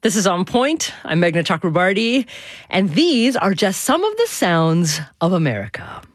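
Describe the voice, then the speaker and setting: A woman hosting a public radio talk show, speaking articulately in a clear studio voice. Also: lowish voice, big pitch swings, normal speed. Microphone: studio microphone.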